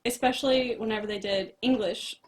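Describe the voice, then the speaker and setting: A woman's voice: on the high side, steady tone, a little fast. A woman co-hosting a casual chat, talking in a rambling, giggly way. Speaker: co-host.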